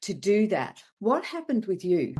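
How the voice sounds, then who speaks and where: A woman's voice: medium pitch, very animated, measured pace, darkish tone, slightly rough. A woman hosting an interview podcast, encouraging her guest with short affirmations and curious follow-up questions. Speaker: podcast host. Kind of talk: interview conversation.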